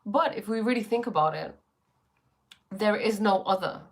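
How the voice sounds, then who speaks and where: A woman's voice: medium pitch, moderate pace. A woman hosting a casual spiritual livestream from her bedroom. She speaks reflectively, with a sore throat, greeting viewers and using many fillers.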